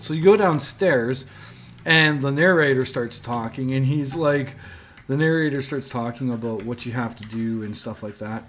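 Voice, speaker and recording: A man's voice: medium pitch, moderate pace, a bit bright, a little hiss or hum. Chatty man streaming a game. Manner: chatty, rambling storytelling with filler words. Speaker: gaming streamer. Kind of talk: casual gameplay commentary.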